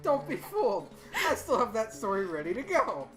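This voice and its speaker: A man's voice: high-pitched, big pitch swings, normal speed, fairly bright tone, faint music behind, low-quality recording. A young man with the hiccups, co-hosting a game playthrough and telling a long rambling story in casual chat. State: has the hiccups. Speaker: let's play co-host.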